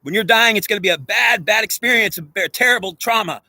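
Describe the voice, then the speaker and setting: A self-styled spiritual speaker with a high-pitched, fast, sharp-toned voice delivers an intense, profane monologue straight at the viewer. Preachy and repetitive, he keeps lecturing and saying the same things again. The recording is dry.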